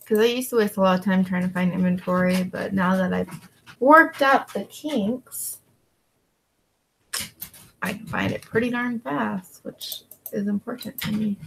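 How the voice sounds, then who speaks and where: Working as she talks, an online reseller vlogger answers her audience in a laid-back drawl packed with fillers, her voice creaky and gravelly. Now and then she coaxes her dogs in a high voice, and slight hiss or hum sits under the recording.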